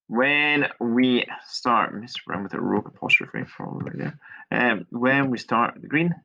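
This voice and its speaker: A male teacher walking through a coding tutorial step by step, chatty and relaxed, shrugging off his own small mistakes. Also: mid-range voice. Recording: dull lo-fi screen recording.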